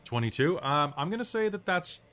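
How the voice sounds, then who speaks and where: A man narrating as dungeon master, describing scenes in a calm, measured way. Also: fairly high pitch, clean tone. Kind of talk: narrating a tabletop game.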